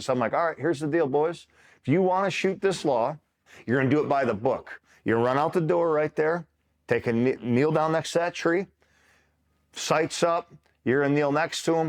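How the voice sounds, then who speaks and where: A man's voice: mid-range voice, moderate pace. A man, a retired Marine, telling combat stories in a casual, laughing way and acting out what others said. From New York. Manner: laughing, animated, acts out quotes. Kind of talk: casual storytelling.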